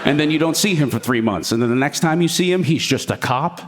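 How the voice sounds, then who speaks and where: A man's voice: a little high, fast talker, long reverb tail, very noisy. A man doing stand-up storytelling on stage in a crude, rambling, profane way. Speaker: stand-up comedian. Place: comedy stage before an audience.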